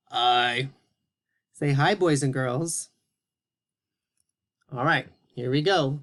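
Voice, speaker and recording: Slow, patient male children's teacher. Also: fairly high pitch, fairly bright tone. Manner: slow, encouraging, carefully spelled-out words for young kids. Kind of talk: children's phonics lesson.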